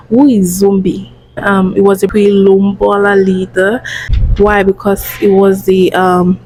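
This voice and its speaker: A young Nigerian woman vlogger with a Nigerian accent, explaining in a hushed, lowered voice with chatty restarts and asides. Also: slight background noise, poor audio. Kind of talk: casual explainer vlog.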